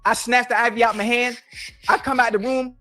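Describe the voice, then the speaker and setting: Middle-aged male co-host, excitable storyteller, quick delivery in a high register. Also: no room sound, soft background music. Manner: animated, keeps addressing his co-host by name. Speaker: co-host, former pro football player. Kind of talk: casual storytelling chat.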